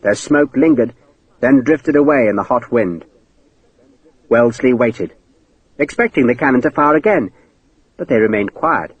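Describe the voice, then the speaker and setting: A man narrating an audiobook in a dramatic, expressive way. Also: medium pitch, moderate pace, long pauses, lo-fi sound. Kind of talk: scripted narration.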